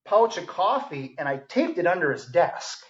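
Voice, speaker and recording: Storytelling firefighter guest, lo-fi. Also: male voice, high voice, sing-song, normal speed, crowd noise. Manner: enthusiastic storyteller, many ums and restarts. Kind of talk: casual podcast conversation. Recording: dull lo-fi audio.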